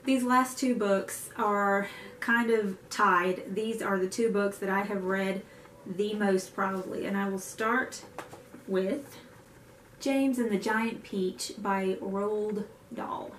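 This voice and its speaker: A woman's voice: mid-range voice, fairly even intonation, slow, a bit bright. Young woman, book vlogger, casual chat, self-mocking, echoey room, slight hiss. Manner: chatty, self-mocking asides.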